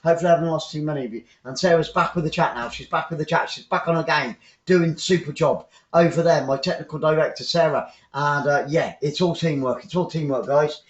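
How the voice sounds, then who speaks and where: A man's voice: fairly high pitch, a little fast, hardly any pauses. An English man giving chatty live football commentary for an online stream, repeating his phrases and rambling into asides. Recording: roomy, dull lo-fi sound.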